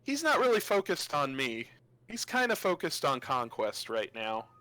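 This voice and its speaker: Tabletop figure: a man playing a frustrated woman scholar, lively and bright, talking from a dry close room. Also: on the high side, normal speed, no room sound. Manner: quoting her lines in his own voice, with fillers. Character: irritable female researcher, middle-aged.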